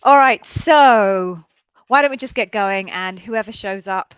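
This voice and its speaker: A woman's voice: mid-range voice, a little slow, fairly bright tone, clean tone, dry recording, highs cut off. A woman co-hosting a live coaching stream, chatting casually and laughing at herself as she waits for viewers. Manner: chatty, self-deprecating, laughs easily.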